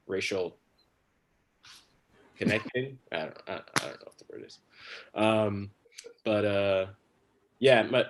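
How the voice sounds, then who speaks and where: Male stand-up comic, fairly low voice, loose and rambling, swears freely. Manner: rambling, many fillers and restarts, crude. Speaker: stand-up comedian. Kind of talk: stand-up set on a livestream.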